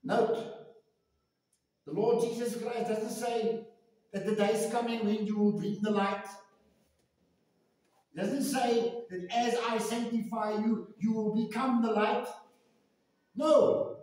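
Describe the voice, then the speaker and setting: Male pastor, high voice, unhurried emphatic sermon delivery, distant mic, echoey church. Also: steady tone. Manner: emphatic, repeats phrases for stress, swings from soft to loud.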